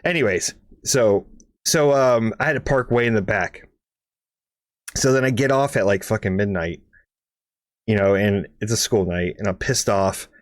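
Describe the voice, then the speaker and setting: A man's voice: lowish voice, normal speed, pauses often, no room sound, studio quality. Rambling, profane man telling a story. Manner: rambling, profane, lots of "right?" asides; animated, makes engine noises and sound effects. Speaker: podcast co-host. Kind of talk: casual storytelling chat.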